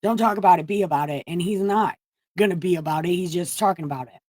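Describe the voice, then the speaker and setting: Lady riffing on scripture, swears a lot, lowish voice, dry close sound. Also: fast, a little mellow, dry recording. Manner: profane, jokey paraphrasing. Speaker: host reading the Bible aloud. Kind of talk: irreverent comedic Bible reading.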